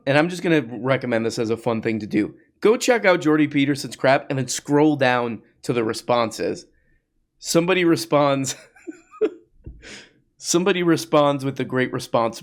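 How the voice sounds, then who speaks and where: A man's voice: mid-range voice, animated, normal speed. Sarcastic man riffing on online posts. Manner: mocking, with sarcastic put-on voices. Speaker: comedy podcast host. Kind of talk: riffing commentary.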